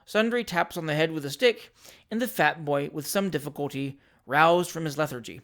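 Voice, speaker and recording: A podcast narrator reading a classic novel aloud in a measured, wry storytelling manner. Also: medium pitch, fairly bright tone. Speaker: audiobook narrator.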